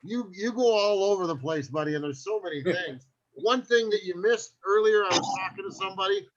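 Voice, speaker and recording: A man's voice: sits high, a little fast. A man hosting a comedy show, thanking the act and chatting in friendly, rambling banter. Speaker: show host. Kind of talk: casual emcee chat. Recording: dull lo-fi online audio.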